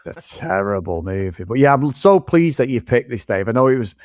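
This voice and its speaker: A man's voice: mid-range voice, animated, fairly quick, a little mellow, no echo, studio quality. A man co-hosting a film podcast in casual chat, swearing now and then. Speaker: podcast co-host.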